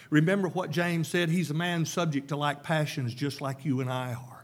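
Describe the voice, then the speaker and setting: A man's voice: on the high side, flat delivery, moderate pace, hardly any pauses. A man preaching a sermon, emphatic and repetitive, with rhetorical questions to the congregation.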